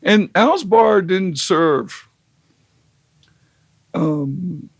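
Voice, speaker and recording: A man's voice: sits high, lively intonation, extremely slow, gravelly, breathy edge, no echo. A man telling a long, wry, rambling story as an interview guest, with lots of fillers and restarts. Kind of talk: casual storytelling.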